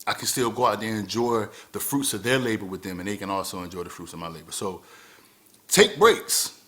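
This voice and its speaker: Earnest guy in his 30s doing a motivational vlog, lowish voice, keeps repeating himself to drive it home. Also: lively intonation, a little fast, a bit bright. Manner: earnest, repeats phrases for emphasis. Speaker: vlogger. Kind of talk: motivational talk to camera.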